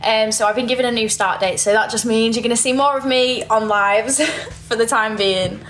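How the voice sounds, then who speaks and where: A woman's voice: a little high, normal speed, fairly bright tone, a little hiss or hum. Chatty young woman with a Yorkshire accent. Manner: chatty, giggly, reads comments aloud. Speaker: livestreamer reading viewer comments. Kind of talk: casual livestream chat. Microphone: phone.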